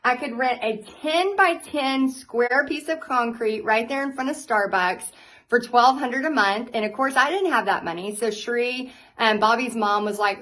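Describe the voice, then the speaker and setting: A woman, a paint party instructor telling her story to viewers in a candid, animated way, laughing often. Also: a little high, moderate pace, a little hiss or hum, poor audio.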